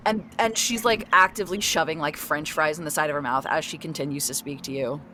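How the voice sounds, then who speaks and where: A woman's voice: sits low, fast, bright, forceful tone, slight background noise. A woman running a tabletop role-playing game as game master, narrating in a rambling way with lots of fillers and restarts. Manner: rambling with many fillers and restarts, searching for words.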